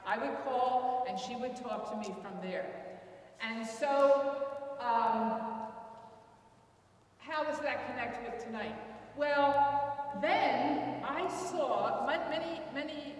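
An older woman giving a public lecture, telling a personal story in an earnest, halting way with restarts. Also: high-pitched. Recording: echoey hall from far off.

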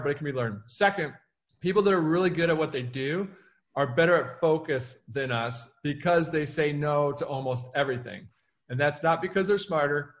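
An American man, an author and keynote speaker, fields interview questions with punchy, high-energy motivational flair, acting out the lines he quotes. His voice sits on the high side.

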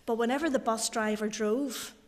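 A calm, kindly Saint Peter speaks with a lilt, as a woman preacher puts him on. Her voice sits fairly high and echoes with a long hall reverb. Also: moderate pace, natural voice. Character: gentle, sad-voiced Saint Peter at heaven's gate.

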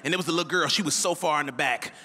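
A male comedian doing stand-up on a club stage, telling an exasperated story with sudden loud outbursts into a handheld mic. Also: on the high side, very fast, in a large hall.

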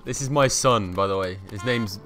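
A man's voice: on the low side, normal speed, over loud music. A man chatting playfully while playing a video game with a friend, often joking and laughing. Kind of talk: casual gameplay chat.

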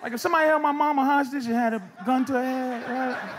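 A man doing a loud, animated stand-up set, jumping into shouted put-on voices. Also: very high-pitched, fast talker. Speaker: stand-up comedian. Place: comedy club stage before a laughing crowd. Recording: live club recording, loud crowd and noise. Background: audience laughter.

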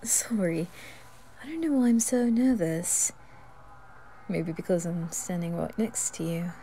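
A woman's voice: fairly high pitch, sing-song, measured pace, dark tone, a little hiss or hum. A woman voicing a nervous, friendly teenage schoolboy wizard in a whispered role-play, stammering and apologizing. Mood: flustered.

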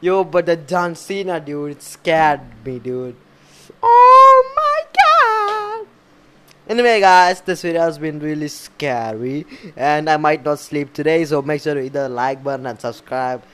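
A young man filming a reaction vlog, excitable and jumpy, with frequent shrieks and nervous laughter into a desk mic. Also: on the high side, normal speed, few pauses, noisy background. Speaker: reaction video creator. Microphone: desk mic with headphones.

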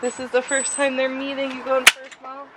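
A woman's voice: high voice, monotone, normal speed, very noisy. A young woman vlogging at home, gushing and cooing over a new puppy. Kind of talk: casual home vlog.

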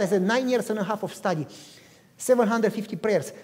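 A man, a pastor, preaching a sermon and telling a story, acting out the dialogue with big swings in loudness. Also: sits high, animated, quick pace, long reverb tail.

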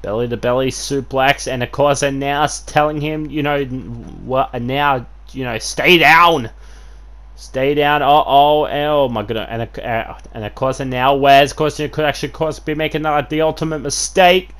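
A man giving excitable play-by-play commentary over a wrestling video game, full of fillers and sudden shouts at big moves. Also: mid-range voice, moderate pace. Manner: excitable, filler-heavy, keeps saying "of course", bursts into shouts at big moves.

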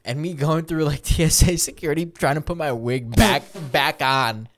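Speaking at normal speed with a fairly high pitch, this young podcast co-host chats casually. He tells stories while laughing, curses a lot, and gives animated voices to the people he quotes.

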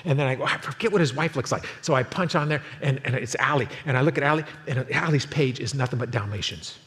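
A man in his sixties preaching a sermon as pastor, telling a story in an animated way and acting out the quotes. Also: medium pitch, fast talker. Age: 60s. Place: church sanctuary. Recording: long hall reverb, faint noise.

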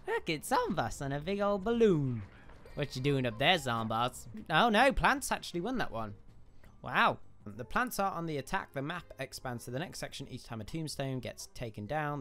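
A man giving excitable gameplay commentary as a YouTuber, exclaiming and laughing often. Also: fairly high pitch. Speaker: gaming YouTuber.

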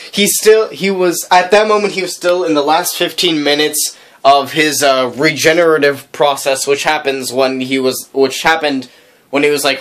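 Rambling, excitable man vlogging. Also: fairly high pitch. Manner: rambling and excitable, full of filler words. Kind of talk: casual vlog chat.

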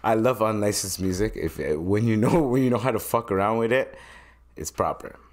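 A man's voice: on the low side, moderate pace, music in the background. A man hosting a solo podcast, talking in a loose, profane, joking way. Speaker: podcast host.

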